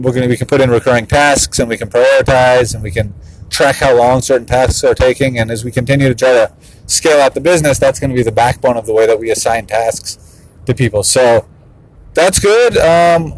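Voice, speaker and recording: Here a man in his thirties, both a father and a business owner, delivers a relaxed vlog monologue with a medium-pitched voice. Frequent laughter and playful impressions of his kids run through it, and the recording is rough.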